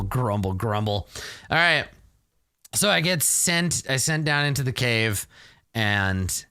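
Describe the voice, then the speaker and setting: A man's voice: medium pitch, pushed and bright, clean tone, dry recording, studio quality. A man narrating a solo tabletop role-play session in a casual, rambling way, with self-mocking asides. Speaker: solo game player and narrator.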